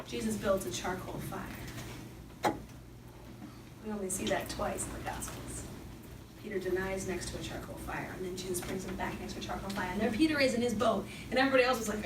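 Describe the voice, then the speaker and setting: A young woman giving an animated Bible talk as a youth speaker, storytelling with lively acted-out quotes. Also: mid-range voice, normal speed, pauses often. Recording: echoey hall from far off with background noise.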